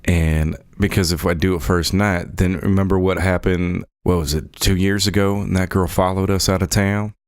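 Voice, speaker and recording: A man's voice: low-pitched, a little slow, no room sound, studio quality. A man voicing a polite, charming young rogue in a tabletop role-play, in a put-on drawl. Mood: smooth.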